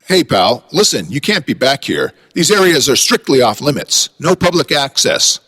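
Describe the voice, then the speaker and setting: A man's voice: medium pitch, very animated, normal speed, sharp tone, husky, in a large hall, pitched above the performer's own voice, exaggerated voice. A man doing a blunt, folksy park vet. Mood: brusque. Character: gruff male park veterinarian, brusque and blunt.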